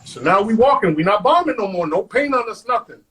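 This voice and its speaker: A man, a guest on an interview show, telling stories in an animated way, acting out quotes and saying "man" all the time. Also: high voice, fairly quick, breathy edge, low-quality recording. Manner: animated, acts out quotes, says "man" constantly. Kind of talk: storytelling.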